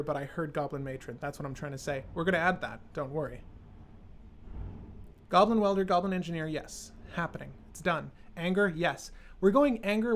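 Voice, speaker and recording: A man hosting a live stream, building a card game deck and joking sarcastically with his chat. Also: a little high.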